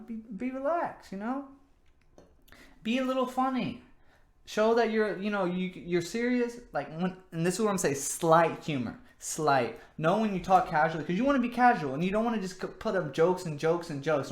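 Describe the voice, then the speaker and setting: Rambling man with a high voice. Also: expressive, brisk. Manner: rambling, repeats words, lots of "you know". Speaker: vlog host giving dating advice. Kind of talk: casual advice monologue. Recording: echoey room.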